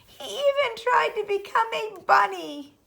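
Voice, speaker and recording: Lady reading a kids storybook, high bright voice, real slow, a bit gravelly. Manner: gentle, expressive, chuckles along. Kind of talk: children's storybook read-aloud.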